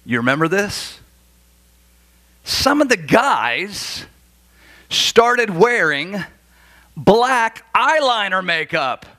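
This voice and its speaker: Bright-voiced pastor from Florida. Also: male voice, high voice, drawn-out words, pauses often. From Florida, USA. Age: 40s. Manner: animated storytelling, acts out dialogue. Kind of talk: sermon. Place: church.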